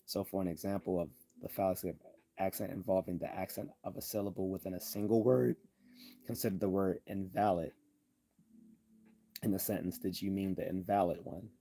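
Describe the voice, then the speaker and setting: A man's voice: low-pitched, steady tone, fairly quick, long pauses, mellow. A man hosting a casual livestream lecture on logical fallacies, with sardonic asides and frequent ums. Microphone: desktop computer mic.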